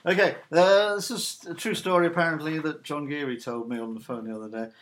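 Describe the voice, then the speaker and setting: A man's voice: a little high, a little fast. A man hosting a casual chat and telling an anecdote with lots of voices. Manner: animated storyteller doing voices.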